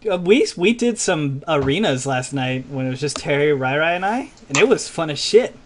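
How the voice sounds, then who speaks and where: A man's voice: on the high side, lively intonation, normal speed, slight background noise. A young man co-hosting a podcast, telling a story in casual chat with lots of laughter. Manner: laughing, storytelling, loose and joking. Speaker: podcast co-host.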